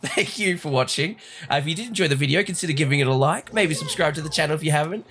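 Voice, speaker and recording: A man's voice: a little high, fairly bright tone, slight background noise. A man co-hosting a let's play, bantering and joking in casual commentary.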